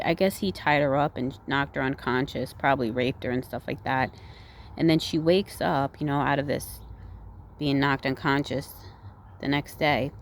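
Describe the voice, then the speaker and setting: Woman, low register, casual rambling movie-recap vlogger, heavy use of fillers and "right?" tags. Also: a little hiss or hum. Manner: rambling, full of "like", "you know" and "right?". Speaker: movie reviewer.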